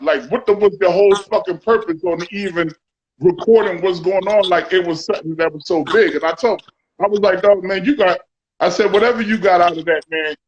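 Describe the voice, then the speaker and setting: A man's voice: high-pitched, muffled recording. A man hosting a casual talk, telling a story with lots of profanity and quoted dialogue. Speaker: podcast host.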